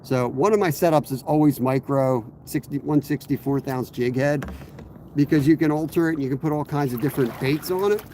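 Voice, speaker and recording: Hoarse man with a cold, fishing from a kayak. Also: fairly high pitch, fairly quick, slight background noise. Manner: rambling, relaxed, greets viewers by name. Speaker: fishing streamer. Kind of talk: casual live-stream chat while fishing. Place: outdoors in a kayak on a river.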